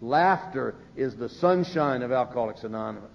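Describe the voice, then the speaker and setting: A man's voice: mid-range voice, animated, normal speed, creaky. An older man speaking at a recovery meeting, telling humorous stories and acting out the voices he quotes. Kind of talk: storytelling talk from a podium. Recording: dull lo-fi live recording.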